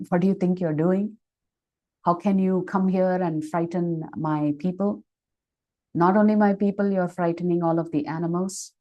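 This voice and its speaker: A woman's voice: lowish voice, fairly even intonation, normal speed, dark tone, highs cut off, lightly acted. A woman voicing a commanding young male god who scolds a demon in a scornful, challenging tone.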